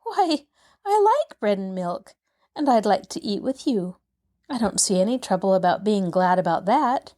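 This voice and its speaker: A woman voicing a cheerful, eager little girl who talks in a bright, earnest way. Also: medium pitch, big pitch swings, normal speed, close to an everyday voice.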